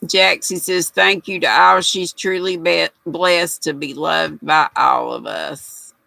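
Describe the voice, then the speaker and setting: A woman's voice: deep voice, fairly even intonation, slow pace, creaky, sharp tone, dry recording, rough recording. An older woman hosting a casual livestream, chatty and folksy, reading viewer comments aloud and laughing often. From United States. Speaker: livestream host.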